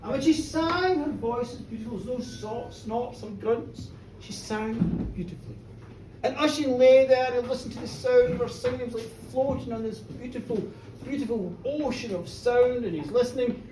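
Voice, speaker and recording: A woman telling a folk tale live, animated, chatty and playful. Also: on the high side, normal speed. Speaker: storyteller. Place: pub storytelling show, indoors. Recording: roomy bar, distant mic, faint noise.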